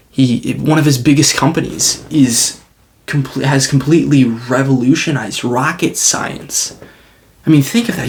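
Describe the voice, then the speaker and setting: A man's voice: mid-range voice, gravelly. A young man vlogging, musing aloud in a rambling way with many restarts and fillers. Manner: rambling, restarts, lots of "like" and "I mean". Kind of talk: casual talking-head monologue.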